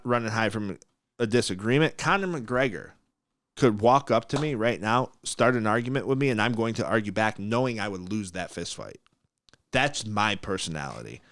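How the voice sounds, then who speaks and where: A man hosting a podcast, telling a story in a blunt, animated way, acting out quotes and laughing often. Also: mid-range voice, dry recording, studio quality. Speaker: podcast host. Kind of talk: casual storytelling.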